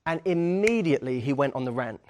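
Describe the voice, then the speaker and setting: A man's voice: medium pitch, brisk, a little hiss or hum. A young man giving a dating lesson, talking with energy and acting out bits of sample dialogue. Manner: energetic, acts out sample dialogue, frequent "okay?" check-ins. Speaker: dating coach. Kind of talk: instructional talk to camera.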